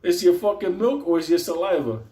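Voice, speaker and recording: A man voicing a loud, mocking male jail food server with a sneering way of talking. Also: high voice, lively intonation, a little fast, reverberant, pitched above the performer's own voice.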